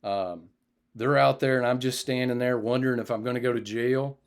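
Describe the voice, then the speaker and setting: A man shares a personal testimony from the pulpit, telling it as a story. His voice jumps up when he acts out the other people in it. It falls soft and low when he recalls his prayers. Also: fairly quick, smooth. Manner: animated retelling, raises his voice for others and drops low and quiet for prayer.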